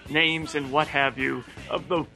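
A man's voice: on the high side, fairly even intonation, unhurried, creaky. Playful man introducing a segment over music. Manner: playful, mock-emotional.

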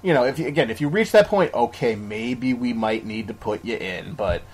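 A podcast co-host chats casually about basketball, full of opinions and rambling with frequent restarts. His medium-pitched voice is a little mellow with a breathy edge, lively in intonation and moderate in pace.

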